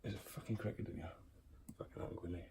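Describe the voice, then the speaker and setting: A man with a lowish voice and vocal fry talks fast, with fairly even intonation, as he gives a casual room-tour vlog of his tarantula collection in his bedroom. He swears freely and chats to the spiders, coaxing and scolding them while filming. The recording is very noisy.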